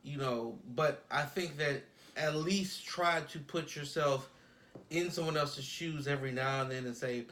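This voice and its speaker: A man's voice: on the high side, unhurried. Rambling man in casual podcast talk. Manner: rambling, animated when acting out scenes. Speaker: podcast co-host. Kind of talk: casual chat.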